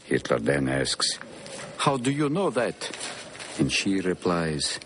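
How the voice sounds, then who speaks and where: An actor playing a weary older man who slowly tells a dark joke. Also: deep voice, very animated, a little hiss or hum, full character voice. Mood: dry wry.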